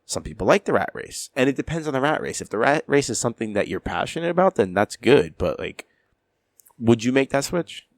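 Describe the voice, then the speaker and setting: A man's voice: medium pitch, very animated, brisk, no room sound, studio quality. A man co-hosting a podcast in casual, profane chat, calling his friend "bro" a lot. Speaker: podcast co-host.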